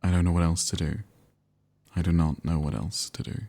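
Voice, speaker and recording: A man reading out a grieving mother's messages in a deep voice, with formal, pleading phrasing. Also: flat delivery, fairly quick, creaky, dark tone.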